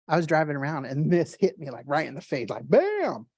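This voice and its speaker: Excited fast-talking man, dry sound. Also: a little high, breathy edge, no echo. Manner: excited, talks fast in quick bursts; animated storyteller with many fillers and restarts. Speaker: artist giving a gallery talk. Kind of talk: casual storytelling talk.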